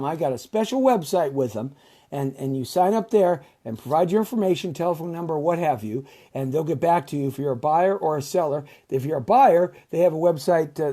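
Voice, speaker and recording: A man hosting his own show, rambling through casual sponsor pitches in a repetitive, salesman-like way. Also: dark tone. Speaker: show host.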